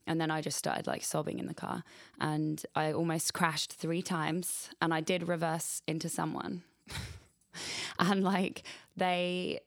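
A woman's voice: deep voice, flat delivery, measured pace, creaky, no room sound, clean studio sound. A young woman hosting a radio show, chatting casually and rambling with lots of "like" and swearing. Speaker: radio host. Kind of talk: casual chat. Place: radio studio.

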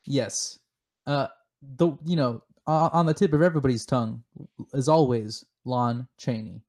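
A mid-range male voice co-hosts a comedic chat podcast, spinning deadpan, mock-serious theories with many halting restarts.

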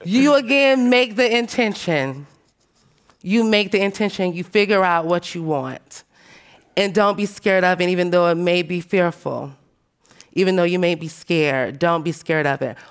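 A woman speaking on a panel, telling animated, emphatic stories in a frank, profane way and calling her listeners "baby". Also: lowish voice, normal speed, smooth. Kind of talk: panel discussion talk.

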